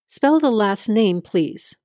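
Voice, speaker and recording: A woman's voice: mid-range voice, lively intonation, slow pace, darkish tone, no echo, clean studio sound. A woman doing a cool, procedural hospital receptionist. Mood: detached. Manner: detached, procedural. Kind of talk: audio drama reading.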